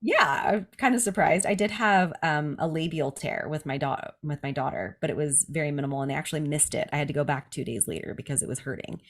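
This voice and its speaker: A woman's voice: low voice, lively intonation, fast talker, hardly any pauses. Candid woman telling a personal story. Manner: candid, laughs often, quotes others in livelier voices. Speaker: podcast host telling her birth story. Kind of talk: casual storytelling chat.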